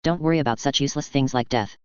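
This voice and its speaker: A man reads an audiobook voicing a casually confident, overpowered young man, using a dull, dry, mid-range voice that's clear and smooth. His lightly acted reading stays even, unhurried and offhand, taking everything lightly.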